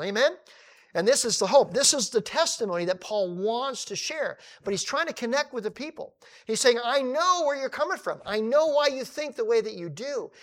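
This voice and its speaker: A man preaching a sermon, animated, retelling a story and acting out the people in it. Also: on the high side. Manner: animated, acting out quoted dialogue.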